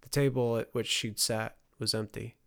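A man narrating a fantasy audiobook in a steady storytelling delivery. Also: mid-range voice, normal speed, gravelly.

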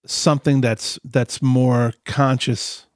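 A man's voice: mid-range voice, little pitch movement, slow, dry recording, clean studio sound. A man hosting an interview, responding briefly and reflecting on what he hears. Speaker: host. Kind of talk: casual interview.

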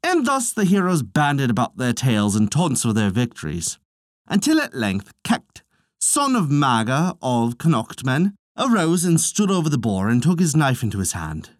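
A man narrating an old legend as a scripted audiobook, in unhurried, expressive storytelling. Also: mid-range voice, no room sound, studio quality. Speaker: podcast narrator.

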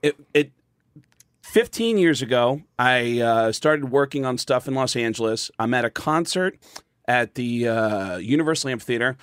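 A man's voice: mid-range voice, lively intonation, normal speed, clean tone, dry recording. A comedian guest in a studio, telling a casual story with many fillers and restarts, acting out the people he quotes.

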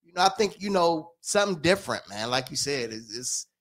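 A man co-hosting a casual podcast chat, talking in a relaxed, halting way with many pauses to find words. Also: a little high. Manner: relaxed, halting, lots of fillers. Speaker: podcast co-host.

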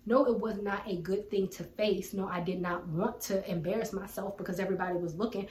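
A woman teaches from scripture in an earnest, colloquial, conversational way, with a voice of ordinary middle pitch. Her voice sits back from the microphone in a roomy, echoing space. A faint hum runs underneath. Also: steady tone, quick pace, hardly any pauses, darkish tone. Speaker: Bible teacher. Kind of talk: casual Bible teaching with personal story. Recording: roomy echo, distant from mic, faint background hum.

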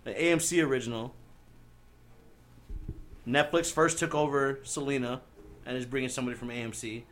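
A man's voice: mid-range voice, fairly even intonation, a little fast, long pauses, a bit bright, a little hiss or hum. A young man hosting a casual chat with friends, laughing often and joking crudely. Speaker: podcast host.

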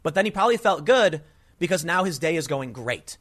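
A man's voice: a little high, animated, fairly quick, fairly bright tone. Emphatic, indignant male commentator. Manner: emphatic, indignant, storytelling with many restarts. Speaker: political commentator. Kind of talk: opinion commentary monologue.

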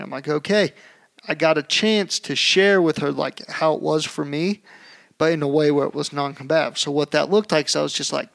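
Young male podcast co-host, gravelly, slightly high, animated storyteller. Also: normal speed. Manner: animated storytelling, acts out shouting. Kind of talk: casual chat.

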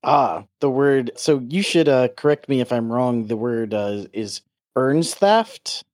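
A man's voice: medium pitch, steady tone, measured pace, darkish tone, no echo. A man co-hosting a podcast, easygoing in casual chat. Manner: easygoing, laughs often.

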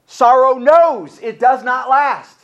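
A man with a very high voice preaches a sermon as pastor, speaking slowly with a fairly bright tone, though the audio sounds dull. He hammers his points home with repeated rhetorical questions and reads scripture aloud between his remarks.

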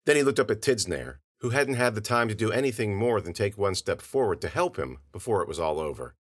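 Low-voiced expressive male storyteller. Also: fairly quick, slightly rough. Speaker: narrator. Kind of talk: scripted narration of audio fiction.

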